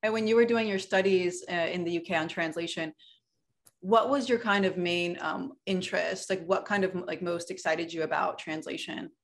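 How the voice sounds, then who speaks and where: A woman's voice: fairly low pitch, fairly even intonation, normal speed. A young woman hosting an interview, chatty and casual, with lots of "like" and "you know" in her speech. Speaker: host, interviewer. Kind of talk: interview conversation.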